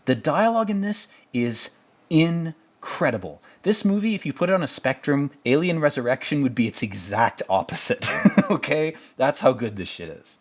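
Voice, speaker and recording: A man's voice: on the high side, big pitch swings, normal speed. Sarcastic, swearing man doing film commentary. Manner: rambling, profane and sarcastic, often laughing. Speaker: podcast host reviewing a film.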